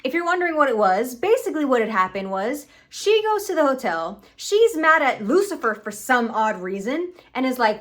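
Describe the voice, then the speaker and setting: A woman's voice: sits high, big pitch swings, moderate pace, few pauses, fairly bright tone. A young woman from Puerto Rico giving emphatic, casual reaction commentary at home, swearing freely into a camera on a stand. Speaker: reaction video host.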